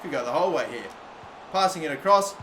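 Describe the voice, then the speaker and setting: High-voiced Australian man, exasperated gaming commentary. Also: quick pace, a little hiss or hum. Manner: exasperated, swearing, animated outbursts. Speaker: gaming YouTuber. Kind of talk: gameplay commentary.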